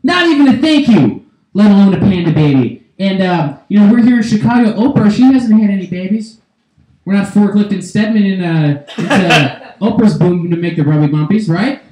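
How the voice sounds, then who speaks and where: High-voiced man doing stand-up in an echoey club. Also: normal speed, warm tone, slight background noise. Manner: loose, rambling delivery with self-interrupting digressions. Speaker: stand-up comedian. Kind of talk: stand-up comedy set.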